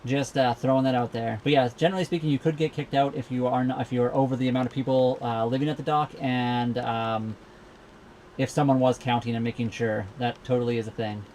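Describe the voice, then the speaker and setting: There's a little hiss or hum as a young Saskatchewan man with a Canadian accent hosts a laid-back live Q&A inside his sailboat, docked at a marina. His tone is darkish and medium-pitched, fairly even in intonation and a little fast. He rambles easily, using plenty of fillers.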